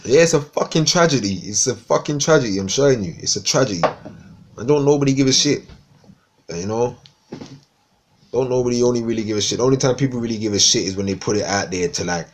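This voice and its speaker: A man's voice: on the low side, a little fast, slight background noise. A man from East London with a Cockney accent, chatting casually and swearing a lot on a live stream. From East London, England. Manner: rambling, swearing, slangy.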